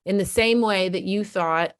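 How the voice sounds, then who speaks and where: Speaking unhurriedly at a medium pitch, this middle-aged parenting coach gives an earnest, conversational explanation to camera. She frequently performs the voices of people she quotes. The sound is clean studio audio without any room sound.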